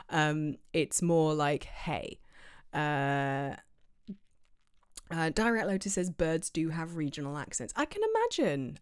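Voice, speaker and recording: A woman streamer chatting casually from her home office, rambling with lots of fillers and tangents. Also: deep voice. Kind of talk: casual livestream chat.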